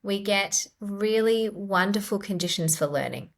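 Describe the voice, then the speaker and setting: A middle-aged woman, a clinical psychologist, explaining ideas gently in a podcast interview. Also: medium pitch, animated, unhurried. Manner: gentle, explanatory, acts out quoted inner voices.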